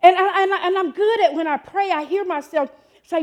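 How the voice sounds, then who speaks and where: A woman in her fifties preaching a sermon in an animated, excitable way, often laughing and jumping up in pitch. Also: a little fast. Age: 50s.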